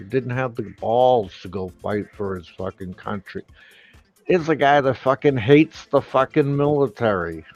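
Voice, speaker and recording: A man on a live stream, ranting slowly and emphatically, full of profanity and mockery. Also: mid-range voice. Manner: profane, slow and emphatic, mocking.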